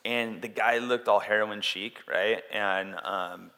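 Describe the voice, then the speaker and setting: A man preaching a sermon in a casual, animated way, acting out quotes as he tells stories. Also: fairly low pitch, slow pace. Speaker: pastor. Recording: long hall reverb.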